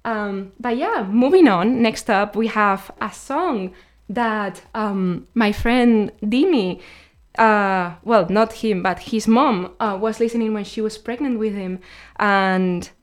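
A woman's voice: medium pitch, takes it slowly. A young woman hosting a radio show, chatting casually and sharing facts between songs. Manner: chatty, explaining facts informally.

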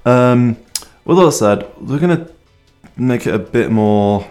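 A man with a low voice introduces songs on a casual music show. He rambles and hesitates, filling gaps with ums and poking fun at himself. Faint music sits quietly underneath. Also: slow pace, long pauses. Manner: rambling, hesitant, full of ums and self-mocking asides. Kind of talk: casual radio-style song introductions. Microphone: headphones and microphone.

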